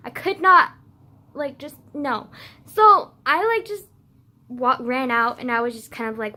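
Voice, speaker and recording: A teenage girl telling a story in a casual rant, peppered with "like" and swearing, dropping to low mutters and then flaring up loud. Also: expressive, measured pace. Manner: swearing, frequent "like" fillers, swings from low mutters to loud outbursts. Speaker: vlogger.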